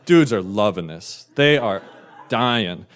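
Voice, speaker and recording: A man telling a funny personal story live, animated and wry, building comic tension. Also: lowish voice, takes it slowly.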